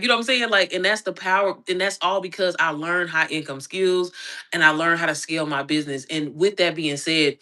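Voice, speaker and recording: A young adult woman from Indianapolis, Indiana, giving a blunt, profane, fired-up livestream pep talk as an online business coach. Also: pushed and bright. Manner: slides into high squeaky voices when mimicking others. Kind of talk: casual livestream rant.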